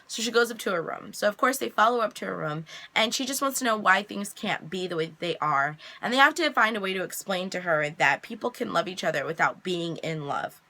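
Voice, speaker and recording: A young woman casually recapping a TV episode, chatty and animated, jumping high in pitch when she quotes the characters. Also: fairly quick, hardly any pauses. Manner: chatty, animated quoting with big pitch jumps. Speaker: reaction vlogger recapping an episode.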